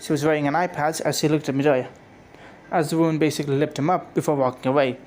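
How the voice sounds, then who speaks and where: A man's voice: a little high, steady tone, fast, darkish tone, slight background noise, poor audio. A man casually reading aloud his own fan-made story, rambling with frequent restarts and self-corrections. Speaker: fan fiction narrator. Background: music.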